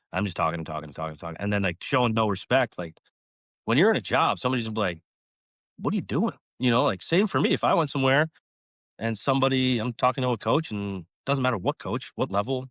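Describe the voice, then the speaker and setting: A man's voice: mid-range voice, fairly bright tone, no room sound, clean studio sound. A man, a college baseball coach, talking casually in a podcast interview, rambling with lots of fillers and acting out conversations.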